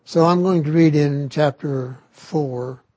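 Old guy preaching slow, dark mellow tone, kinda husky, lots of restarts. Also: on the high side, dry recording. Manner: slow, halting, with many restarts. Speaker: scripture teacher. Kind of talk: sermon.

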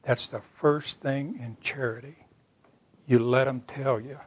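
A man's voice: medium pitch, fairly even intonation, slow pace, slightly rough. A man giving an earnest, plainspoken sermon as a personal story, acting out the dialogue of the people in it. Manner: plainspoken and folksy. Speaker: church speaker.

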